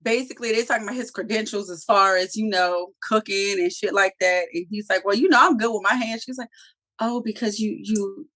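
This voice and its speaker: A woman co-hosting a review show in casual chat, talking in an animated, profane way and acting out characters' lines. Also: mid-range voice, fairly quick. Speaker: TV review podcast co-host.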